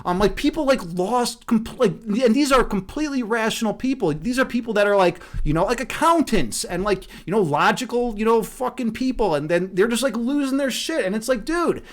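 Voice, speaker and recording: A man's voice: extremely high pitch, animated, a little fast, few pauses. A man chatting casually on a livestream, rambling and profane, laughing often. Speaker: streamer.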